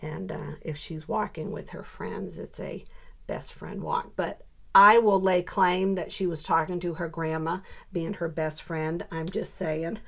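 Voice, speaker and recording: An older woman and grandmother chatting casually through a scrapbooking tutorial. She often mutters softly to herself while she works. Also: fairly low pitch, steady tone, measured pace, creaky. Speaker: scrapbooking crafter and channel host. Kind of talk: casual crafting tutorial chat.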